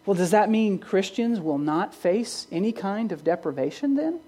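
A woman preaches a sermon in an earnest, mid-pitched voice. She puts questions to the congregation and lifts her voice on the points she wants to stress. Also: lively intonation, normal speed, few pauses, mellow. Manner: earnest, rising emphasis on key phrases; asks the congregation rhetorical questions. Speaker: pastor.

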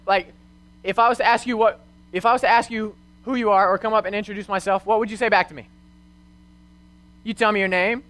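A young man with a notably high voice delivers a sermon as a youth pastor. He speaks earnestly, weaving personal stories and rhetorical questions into his teaching. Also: fairly bright tone.

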